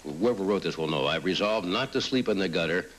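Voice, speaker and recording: Reading audience cards on an old late-night talk show, a middle-aged host ribs the writers with dry one-liners in a low, animated, fairly quick voice. The recording is rough, and a loud studio audience laughs in the background.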